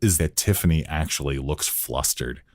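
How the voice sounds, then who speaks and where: A man's voice: a bass voice, normal speed, darkish tone, no echo, clean studio sound. A man hosting a wrestling podcast, reading the live chat aloud and breaking down promo clips. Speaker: podcast host.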